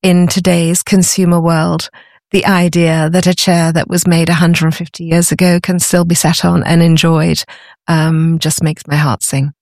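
A woman's voice: fairly low pitch, level tone, a little slow, dry recording, studio quality. A British woman speaking as a guest in a casual podcast interview, often repeating words as she starts a thought. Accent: British English. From Britain. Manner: warm, repeats words when starting sentences. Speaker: guest, antiques business owner.

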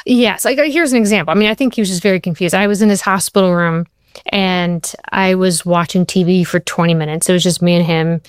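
Woman TV writer being interviewed, smooth low voice, dry close sound. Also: a little fast, dry recording. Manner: storytelling, quotes people in shifted voices. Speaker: TV writer and show creator.

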